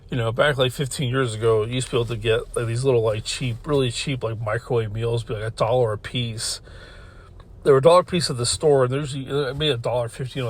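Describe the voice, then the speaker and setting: Man with a middle-pitched voice, casual podcast storyteller in a car, rambling and profane, laughs often. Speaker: podcast host.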